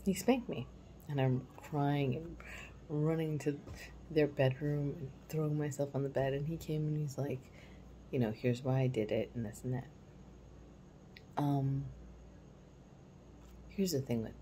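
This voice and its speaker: A woman in her forties telling a personal parenting story in a candid, reflective way, sometimes dropping to a soft hush. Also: extremely low pitch, a little hiss or hum, rough recording. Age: 40s. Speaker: parenting vlogger.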